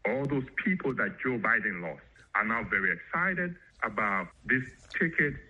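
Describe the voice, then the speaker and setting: Husky analyst on a dull remote line. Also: male voice, medium pitch, expressive, bright, forceful tone. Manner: measured, explanatory. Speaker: professor, political analyst. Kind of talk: interview analysis.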